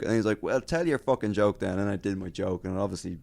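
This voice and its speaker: A man telling a lively stand-up story in casual podcast chat, acting out crowd voices and swearing freely. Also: low voice, fast talker, vocal fry, dry recording.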